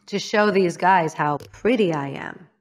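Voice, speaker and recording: A woman's voice: fairly low pitch, a little slow. A woman from Illinois, a guest in an interview, telling a frank personal story and often calling herself out. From Illinois, United States. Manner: frank, self-critical, acts out others' lines.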